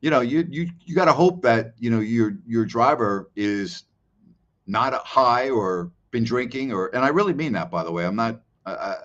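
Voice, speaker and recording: A man's voice: mid-range voice, expressive, moderate pace, fairly bright tone. A middle-aged man hosting a live question-and-answer show, telling stories in a casual, rambling way and repeating words for emphasis. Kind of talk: casual storytelling chat. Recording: dull lo-fi stream audio.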